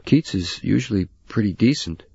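A man doing a quiet earnest teenage boy. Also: lowish voice, lively intonation, normal speed, vocal fry, slightly rough, no echo, muffled recording, voice pushed up, full character voice. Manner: earnest, hesitant.

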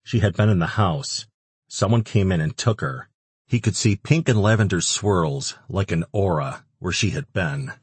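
Low husky guy reading an audiobook, dry close mic, steady delivery. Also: normal speed, dry recording. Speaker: audiobook narrator. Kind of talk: scripted narration.

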